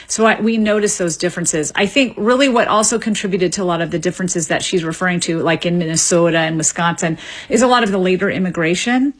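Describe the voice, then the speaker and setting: A woman, a linguist being interviewed on radio, explaining in a measured way with small restarts. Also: on the low side, breathy edge. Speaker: linguist guest.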